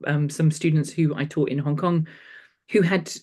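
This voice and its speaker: A woman's voice: deep voice, fairly even intonation, moderate pace, a little mellow. A middle-aged woman from England, talking as an invited lecturer in a conversational interview, rambling with restarts and fillers. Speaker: guest lecturer.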